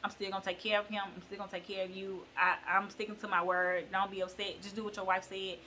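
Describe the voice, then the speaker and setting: A woman voicing God as a calm, reassuring male figure who speaks softly. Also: medium pitch, quick pace, slight background noise, natural voice, low-quality recording.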